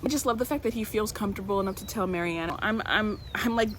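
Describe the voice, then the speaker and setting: A woman talking casually in a reading vlog, chatty and expressive, with plenty of fillers and restarts. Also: medium pitch, quick pace, slight background noise. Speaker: book vlogger.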